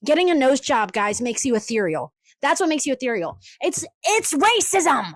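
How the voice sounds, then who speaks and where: High, lively woman ranting. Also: moderate pace, dry recording, rough recording. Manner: profane, exasperated, sarcastic. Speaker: podcast host. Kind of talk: ranting solo podcast monologue.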